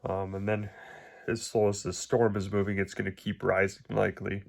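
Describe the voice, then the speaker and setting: A middle-aged man giving a halting, emotional video update, his voice nearly breaking with many pauses and fillers. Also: on the low side, little pitch movement, creaky. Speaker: vlogger.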